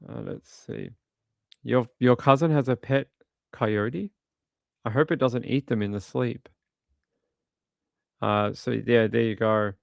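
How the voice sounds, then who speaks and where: Gravelly man on a casual true crime stream. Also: fairly low pitch, no echo, studio quality. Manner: rambling and indignant, with frequent restarts. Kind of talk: casual commentary while watching videos.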